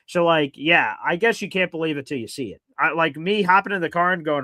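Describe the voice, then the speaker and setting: A man hosting a casual sports talk show, swearing and getting loud and worked up. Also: on the high side, expressive, quick pace, no echo. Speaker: podcast host.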